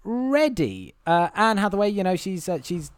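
A man's voice: high-pitched, sing-song, normal speed, clear, resonant tone, dry recording. A man, co-host of a podcast, casually recapping a film with lots of ums and restarts. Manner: rambling recap with many fillers.

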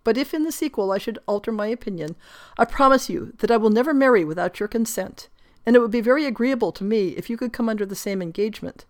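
A woman's voice: on the high side, expressive, fast talker, close to an everyday voice. A woman reading aloud the lines of an affectionate, resolute young noblewoman in tender, formal prose. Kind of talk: reading a period novel aloud.

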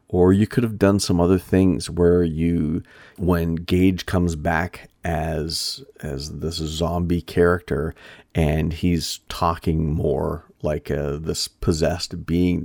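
A man hosting a podcast, talking casually in a rambling monologue with frequent pauses and restarts. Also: deep voice, dark tone, no echo, studio quality. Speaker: shop owner and podcast host.

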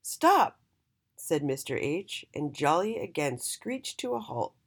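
A woman reading a children's storybook aloud in an expressive, sing-song way. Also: deep voice, measured pace, very noisy.

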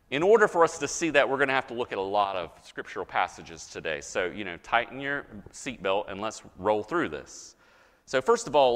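A man's voice: medium pitch, fairly bright tone. A male pastor preaching a sermon, conversational and teaching, checking in with his listeners. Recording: hall reverb.

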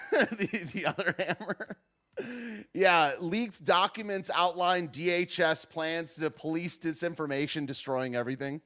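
A man's voice: fairly high pitch, unhurried, pushed and bright. A man rambling through casual live commentary with many fillers and restarts. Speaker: political commentary streamer.

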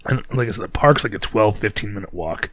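A man's voice: lowish voice, quick pace, fairly bright tone, dry recording. A young man telling a rambling, profane story about his day in a casual vlog monologue, often laughing at himself.

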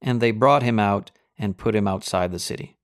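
A man's voice: fairly low pitch, normal speed, clear, resonant tone, no room sound, clean studio sound. A man preaching a sermon in a fiery, insistent, exhorting manner.

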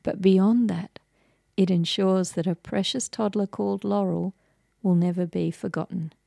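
Woman host, slow deliberate interviewing, gravelly low voice, dry close sound. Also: fairly even intonation, mellow, dry recording. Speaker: podcast host.

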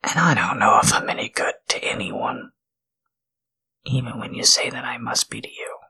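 A man in a whispered role-play, talking in a halting, tender, confessional way with a breathy, gravelly whisper. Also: medium pitch, pushed and bright. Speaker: podcast host.

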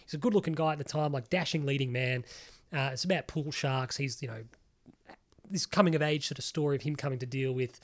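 A man's voice: medium pitch, a little fast. A man co-hosting a casual pop culture podcast, rambling animatedly with lots of "like" and the odd swear. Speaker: podcast co-host. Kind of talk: casual chat.

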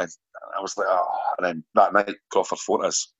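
A man's voice: low voice, flat delivery, normal speed, a bit bright, breathy edge. A Scottish man, a former footballer, rambling through stories in casual podcast chat and swearing freely.

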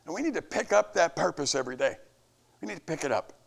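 A fast-talking man with a creaky, expressive voice preaches a devotional message to camp staff. He is the camp leader, and his earnest delivery rises and falls in pitch.

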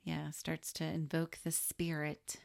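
Low, gravelly, lively woman co-host. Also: slow pace, no room sound, studio quality. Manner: wry, lively reactions with laughs. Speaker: podcast co-host. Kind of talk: casual movie recap chat.

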